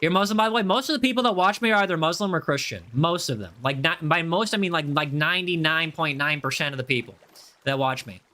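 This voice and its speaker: A slightly high, bright and forceful male voice with an American accent, talking his way through a live game stream. He rambles, repeats phrases and restarts sentences, and breaks off to thank viewers in chat. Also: quick pace. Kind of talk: live gaming commentary.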